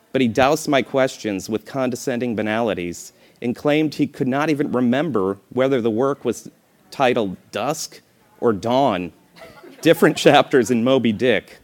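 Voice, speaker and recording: Man reading a memoir with wry asides. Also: medium pitch.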